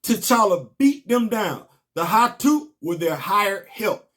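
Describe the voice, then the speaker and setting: Speaking slowly in a high voice, a Southern US man recaps a comic book and tells stories on his podcast. He's animated, building up to emphatic outbursts.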